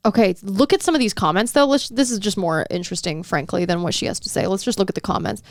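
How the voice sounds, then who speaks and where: A sarcastic, opinionated woman co-hosting a podcast, chatting casually and reading viewer comments aloud. Her voice sits at a middling pitch for a woman, and the recording is dry and close. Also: fast, no echo. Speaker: podcast co-host. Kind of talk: casual chat.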